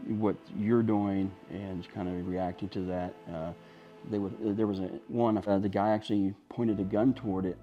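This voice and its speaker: A man in a casual interview, speaking haltingly with many restarts. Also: on the low side, dark tone, muffled recording. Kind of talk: casual conversation.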